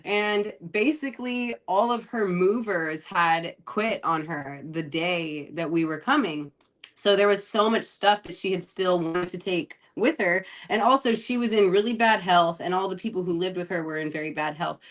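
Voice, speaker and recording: A woman's voice: lowish voice, normal speed. A woman tells a long personal story on a podcast. She talks casually and fills her speech with "like," and she often breaks into laughter. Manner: chatty, laughing often, lots of "like". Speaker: guest investor.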